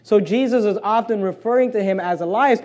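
High-voiced emphatic male preacher. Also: brisk. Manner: emphatic preaching, rising loud on key points. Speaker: pastor. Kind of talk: sermon.

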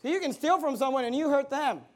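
A man pastor preaching a fiery sermon, moving between loud emphatic bursts and quiet asides. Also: very high-pitched, fast talker.

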